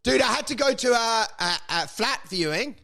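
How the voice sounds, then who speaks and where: Bright-voiced young man telling crude stories. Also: very high-pitched, animated, normal speed, creaky. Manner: profane, mocking, acts out other people's lines. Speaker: podcast co-host. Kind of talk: crude comedic storytelling.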